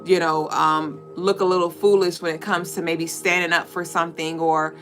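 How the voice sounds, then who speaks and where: A woman's voice: on the low side, flat delivery, moderate pace, fairly bright tone, soft background music. A woman hosting a live-stream spiritual reading, speaking to her viewers directly with repeated affirmations. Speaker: spiritual reader and host.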